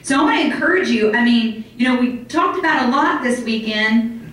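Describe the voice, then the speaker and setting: A middle-aged woman giving an animated motivational talk to a live audience in a hotel conference room, acting out other people's reactions. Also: a little high, brisk. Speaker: motivational speaker. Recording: very echoey hall from far off.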